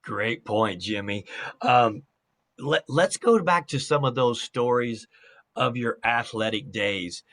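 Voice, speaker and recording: A man's voice: mid-range voice, fairly bright tone. A man hosting an interview, earnest and effusive, often repeating words as he speaks. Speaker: host. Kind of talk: interview host.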